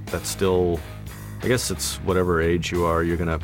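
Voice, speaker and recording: Man in interview, very low voice, halting, guitar music behind. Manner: relaxed, halting, restarting sentences. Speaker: cartoon creator interviewee. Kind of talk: documentary interview. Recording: interview over music bed.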